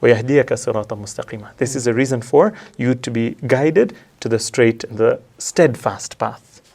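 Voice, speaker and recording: A man in a religious discussion, quickly reciting Quranic verses in Arabic and then explaining them in English. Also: medium pitch, creaky, a little mellow, slightly rough. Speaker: religious commentator. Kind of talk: discussion analyzing a religious letter.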